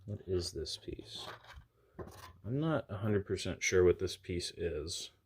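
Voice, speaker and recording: A man with a notably low voice narrates an unboxing in a relaxed, chatty way. He thinks aloud, fills pauses with "uh" and "um", and pokes fun at himself as he handles small pieces indoors at a desk. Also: husky. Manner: chatty, self-deprecating, thinks aloud with fillers. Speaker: diecast collector channel host. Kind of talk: casual unboxing commentary.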